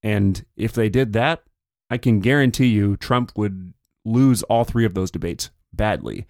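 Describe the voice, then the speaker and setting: A man hosts a podcast of political commentary, talking casually and conversationally and paraphrasing others in quick put-on quotes. His voice is lowish and a little mellow, recorded with clean studio sound and no room sound.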